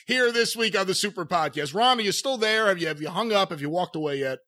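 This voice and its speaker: Lively high-voiced male podcast host. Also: fast. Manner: laughing, teasing interviewer. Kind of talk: casual podcast chat.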